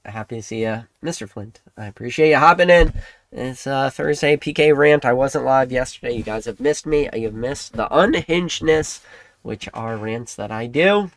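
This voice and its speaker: A man hosting a livestream, ranting excitably to his chat, laughing often and swinging between loud outbursts and hushed asides. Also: medium pitch, normal speed. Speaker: livestream host.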